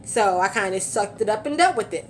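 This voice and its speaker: A woman's voice: medium pitch, expressive, brisk, a little hiss or hum. A young woman vlogging from her car, chatting casually, a little out of breath, with lots of fillers and laughs. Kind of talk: casual storytelling vlog.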